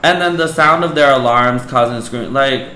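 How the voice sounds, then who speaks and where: A man's voice: medium pitch, moderate pace, background noise. Chatty exasperated man in an echoey room. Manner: chatty, exasperated, peppered with "like" and "girl". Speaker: podcast co-host. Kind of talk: casual chat. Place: apartment room.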